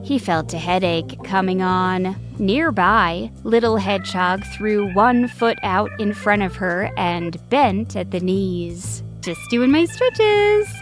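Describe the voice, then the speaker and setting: Slow-reading woman storyteller. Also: mid-range voice. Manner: gentle, measured reading. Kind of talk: scripted narration of a children's story. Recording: faint background music.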